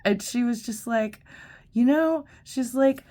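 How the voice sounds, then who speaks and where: A woman's voice: fairly high pitch, steady tone, unhurried, warm tone. A middle-aged woman host telling a story in a casual, profane, chatty way, full of fillers and laughs. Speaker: vlogger host.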